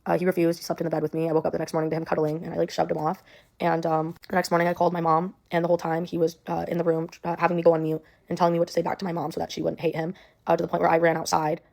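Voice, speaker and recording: A woman's voice: on the low side, completely flat delivery, rapid-fire, creaky, a little mellow. A young woman telling a personal story in a rambling way, full of "like" and "um". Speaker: storyteller in a clip.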